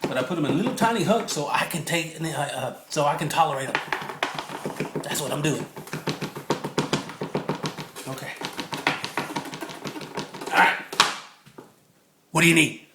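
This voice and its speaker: Man, light higher voice, laughs at his own jokes while cooking, phone recording in a roomy kitchen. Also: a little slow, pauses often, very noisy. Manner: chatty, jokey, laughs often. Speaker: home cook filming a recipe video. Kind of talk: casual cooking demo. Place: home kitchen. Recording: echoey kitchen on a phone mic.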